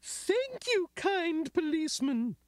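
A man voicing a weepy, emotional old lady in a storybook reading, in a high wavering voice. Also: sing-song, takes it slowly, heavily acted. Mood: grateful. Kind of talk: storybook character voice. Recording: music bed underneath.

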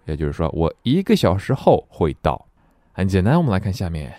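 Lively low-voiced man teaching a reading class. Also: fairly quick, no echo, clean studio sound. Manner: lively, playful teaching with sudden high exclamations. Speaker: English teacher. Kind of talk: bilingual reading lesson.

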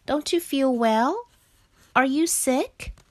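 A woman's voice: high voice, lively intonation, slow pace, voice pushed up. A woman voicing a small male frog in a storybook reading, anxious and loving, asking pleading, tearful questions. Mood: worried.

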